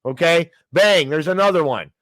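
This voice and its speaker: A man's voice: a little high, normal speed, fairly bright tone, dry recording. A man hosting a finance show, ranting heatedly with frequent restarts and apologies. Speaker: podcast host.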